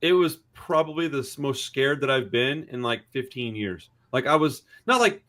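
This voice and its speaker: A man's voice: medium pitch, fast talker, hardly any pauses. A man co-hosting a podcast, telling a story in casual, profane chat and acting out the dialogue. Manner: animated, profane, acts out dialogue. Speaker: podcast co-host.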